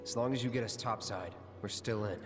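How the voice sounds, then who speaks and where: Brief: male actor as a steady ally, matter-of-fact and low, reverberant game audio. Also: brisk, music in the background, close to an everyday voice. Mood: calm. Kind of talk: video game dialogue.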